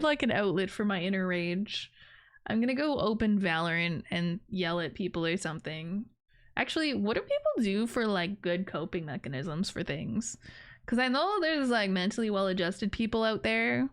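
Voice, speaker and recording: Young woman, livestreamer, casual chat, smooth clear voice, mid pitch, rambling, self-mocking, giggly.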